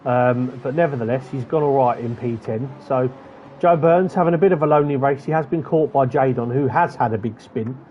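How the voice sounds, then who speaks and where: A man's voice: medium pitch, fairly quick, lo-fi sound, slight background noise. A man giving chatty commentary on an online racing event, rattling off positions and gaps. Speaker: race commentator.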